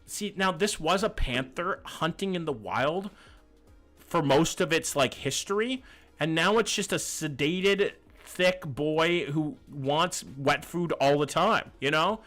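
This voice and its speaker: A man's voice: on the high side, slow pace, fairly bright tone. A male streamer chatting casually and reacting to viewers' pet photos, loose and jokey with lots of swearing. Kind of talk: casual livestream chat. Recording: faint music in background.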